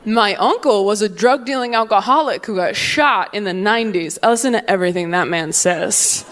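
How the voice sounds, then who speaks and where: A young adult woman performing a stand-up comedy set, animated, slipping into quick voices for the people in her stories. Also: medium pitch. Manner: animated, slips into quick voices for friends, babies and her dad. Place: live comedy venue with audience.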